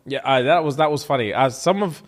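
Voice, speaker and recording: A man's voice: mid-range voice, a little fast. A man co-hosting a podcast in casual chat, reacting expressively and signing off the episode. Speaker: podcast co-host.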